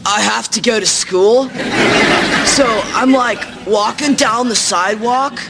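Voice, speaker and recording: Guy doing a dopey teen boy, high voice, drawls real slow, crowd and street noise behind. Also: gravelly. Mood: aimless. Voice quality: slow, aimless mumbling delivery. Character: dim, rambling teen boy sketch character.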